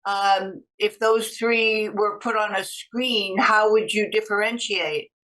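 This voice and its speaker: A woman with a faint Boston accent hosts a podcast interview. Her voice is bright and forward at a mid pitch. She chats easily, weaving personal asides into her questions. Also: fairly even intonation, slow, poor audio. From Boston area. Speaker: podcast host. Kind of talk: conversational interview.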